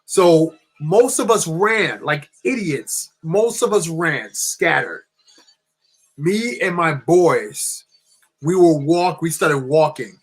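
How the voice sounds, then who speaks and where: A man from New Jersey, a channel co-host, telling a personal story in a halting, repetitive way with many restarts. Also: a little high, expressive, slightly rough, faint music behind, poor audio.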